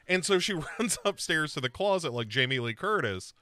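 A man's voice: fairly high pitch, normal speed, hardly any pauses, no room sound, clean studio sound. A man co-hosting a podcast, recapping a horror series in casual chat and acting out characters' lines. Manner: animated storyteller, acts out characters' lines. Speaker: podcast co-host.

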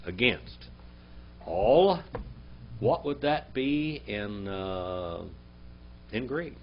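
A man teaching a Bible language class, quizzing his students and reading Hebrew words out slowly. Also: on the low side, animated. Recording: dull lo-fi classroom recording with faint hum.

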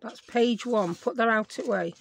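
A woman hosting a crafting tutorial, her voice croaky, chatting and thinking aloud as she works at her craft desk at home. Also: a little high, moderate pace, a little hiss or hum. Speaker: craft video host.

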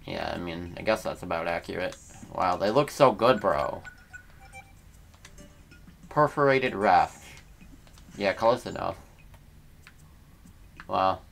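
A man's voice: low voice, a little slow, gravelly, long pauses, a bit bright, slight background noise. A man hosting a let's play, giving casual, slangy gameplay commentary as he thinks aloud.

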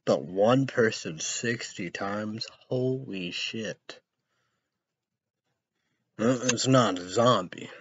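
A man's voice: lowish voice, very slow, long pauses, a little hiss or hum. A young man hosting a casual show, reading news headlines aloud and rambling about them, spelling names letter by letter. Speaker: show host. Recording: dull lo-fi recording.

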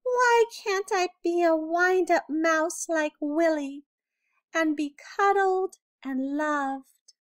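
A woman doing a small, high, quivering mouse. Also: sing-song, slow pace, few pauses, a bit bright, heavily acted. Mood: longing. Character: small anxious pleading mouse, young male.

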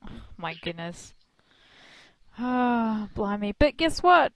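Chatty woman, high voice. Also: big pitch swings, slow, a little hiss or hum. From Australia. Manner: chatty storyteller, laughs often. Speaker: co-host. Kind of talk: casual radio chat.

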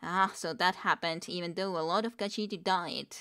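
A woman's voice: fairly low pitch, steady tone, normal speed, sharp tone. A woman streamer reading a book aloud, with wry, chatty asides.

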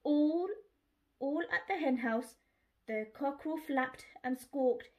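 Lady reading a kids picture book out loud, high voice, slow and really sing-songy. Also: lo-fi sound. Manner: expressive, addresses young listeners. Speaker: storyteller.

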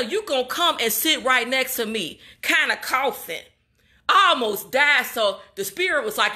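A woman's voice: sits high, expressive, moderate pace, pushed and bright. A young woman from Chicago, a graduate student, venting in an upset, emotional vlog straight to her viewers. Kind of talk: casual emotional vlog monologue.

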